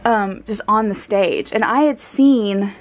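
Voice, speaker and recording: A woman's voice: mid-range voice, slow pace. A young American woman chatting enthusiastically with many fillers as she films a travel vlog. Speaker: travel vlogger. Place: out of doors in a park and city.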